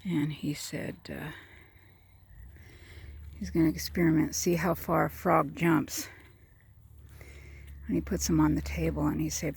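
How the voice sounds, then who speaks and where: A woman's voice: low-pitched, steady tone, unhurried, vocal fry, pauses often, husky. A woman telling long, meandering jokes, with fillers and chuckles along the way. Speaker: joke teller. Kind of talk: rambling joke telling.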